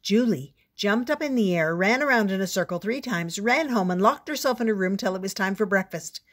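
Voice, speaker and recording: A woman's voice: medium pitch, brisk. Older woman reading a picture book aloud. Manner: expressive, playful storytelling. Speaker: storyteller.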